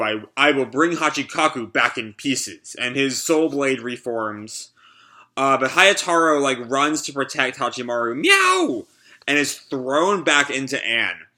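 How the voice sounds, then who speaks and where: A young man talks through a comic chapter live, casual and loose with lots of uh and like. His voice is bright and clear, at an average pitch for a man. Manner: casual, filler-heavy narration. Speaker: YouTuber. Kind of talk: live reading and reaction to a manga.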